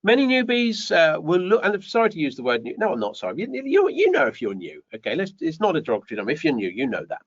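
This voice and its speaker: A man's voice: on the high side, quick pace, few pauses, dull audio. A man hosting a live show, giving business advice with lots of rhetorical questions and repetition. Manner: animated, rhetorical questions, repeats phrases. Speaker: host.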